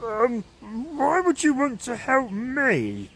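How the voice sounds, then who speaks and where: A man voicing a grumpy, hot-tempered caveman who shouts and yelps. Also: very high voice, wildly swooping pitch, slow, slight background noise, voice pushed up, exaggerated voice. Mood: sheepish. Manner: shouting and yelping.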